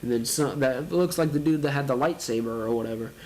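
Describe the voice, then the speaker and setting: A man's voice: mid-range voice, fairly quick, darkish tone, slight background noise. A man reading a manga chapter aloud and reacting, narrating panels casually and laughing often.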